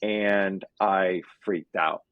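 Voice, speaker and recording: A man's voice: sits low, fairly even intonation, extremely slow, dry recording, phone-quality sound. A man in his thirties, a podcast guest, earnestly telling a personal story that runs close to tears. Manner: earnest, emotional, fighting back tears at times.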